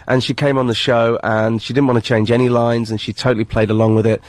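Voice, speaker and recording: A man's voice: medium pitch, little pitch movement, quick pace, no room sound. A British man, a comedy actor guest, chatting earnestly in long run-on phrases on a talk show. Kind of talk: casual talk show chat.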